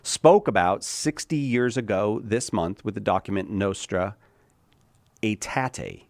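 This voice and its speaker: Guy hosting a radio call-in, kinda low voice, rambly and laughing a lot. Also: takes it slowly, no echo, clean studio sound. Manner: chatty, laughs often, trails off mid-sentence. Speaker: radio host. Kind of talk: casual radio talk.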